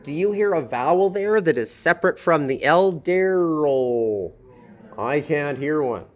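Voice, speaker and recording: A man's voice: a little high, lively intonation, normal speed. A man teaching a phonetics lesson, explaining pronunciation patiently and thinking aloud as he goes. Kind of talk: phonetics lecture.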